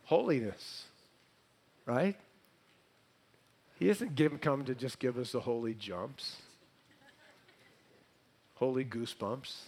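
A man preaching a sermon, quizzing the congregation with questions and swinging between loud emphatic phrases and hushed lines. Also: mid-range voice, slow, long pauses, breathy edge.

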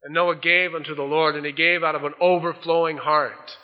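A man's voice: fairly high pitch, fairly even intonation, fairly quick, few pauses. A male pastor preaching a folksy sermon, acting out the voices he quotes. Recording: dull old sermon tape in a large hall.

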